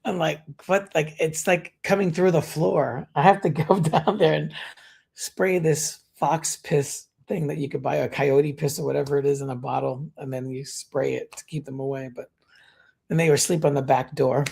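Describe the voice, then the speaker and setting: A man's voice: a little high, steady tone, moderate pace, gravelly, darkish tone, breathy edge. A man co-hosting a podcast in casual chat, chatty, laughing often, agreeing constantly and swearing now and then. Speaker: podcast co-host.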